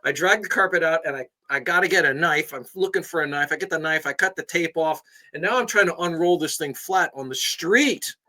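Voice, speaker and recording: A man co-hosting a podcast, telling a story in casual chat, animated and laughing as he acts out both sides. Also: fairly high pitch, a little fast, hardly any pauses. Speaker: podcast co-host.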